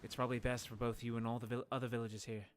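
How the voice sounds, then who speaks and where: A man voicing a calm, formal older village doctor in a put-on South African accent, speaking in a measured way. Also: medium pitch, slight background noise, close to an everyday voice.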